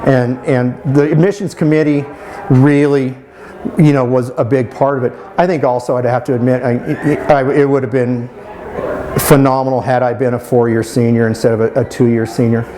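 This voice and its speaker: A man in his fifties, remembering his school days in an interview. He speaks at a middle pitch with a fond, admiring tone, often pausing, restarting and filling gaps with "you know". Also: steady tone, dark tone, slight background noise. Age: 50s. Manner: halting, with many restarts and "you know" fillers. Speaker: alumnus interviewee. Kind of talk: reminiscing interview answers.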